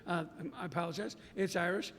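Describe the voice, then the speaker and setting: An American man hosting a podcast interview, effusive and halting, often restarting his sentences. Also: steady tone, fairly bright tone. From United States. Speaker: podcast host. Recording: reverberant room with faint rumble.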